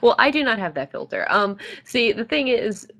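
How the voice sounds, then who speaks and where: A woman with a slight New Jersey accent, co-hosting a casual gaming chat, talking quickly, laughing often and swearing freely. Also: fairly high pitch, sing-song, fairly bright tone. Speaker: podcast co-host.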